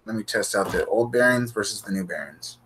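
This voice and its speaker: A man's voice: fairly low pitch, fairly quick, fairly bright tone, slight background noise. A man hosting an RC hobby show, chatting casually and goofily with his live-stream viewers. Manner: goofy, laughing, chatty with viewers.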